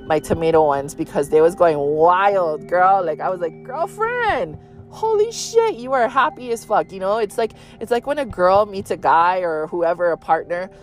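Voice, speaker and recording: A woman with a Hawaii Pidgin-tinged accent, hosting a casual solo podcast in a chatty, candid way with frequent swearing. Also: lowish voice. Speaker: podcast host.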